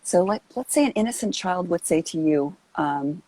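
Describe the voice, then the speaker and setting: A woman's voice: on the low side, animated, moderate pace, mellow, poor audio. A woman hosting a casual live chat on a video call, earnest and rambling with lots of fillers. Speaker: host.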